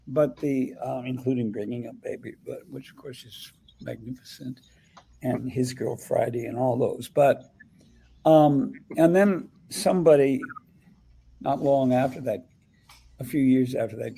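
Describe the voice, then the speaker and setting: A man's voice: medium pitch, vocal fry, dark tone, a little hiss or hum, rough recording. An older man being interviewed as a guest actor, telling a story in a rambling way full of restarts. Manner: rambling, halting recollection with many restarts. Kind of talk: conversational interview.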